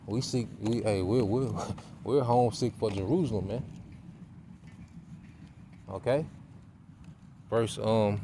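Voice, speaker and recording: A man giving an informal sermon, reading scripture verses aloud more slowly and tagging his points with "okay?" and "man". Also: fairly low pitch, warm tone, a little hiss or hum. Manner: punctuates with tag questions and "man". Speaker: preacher.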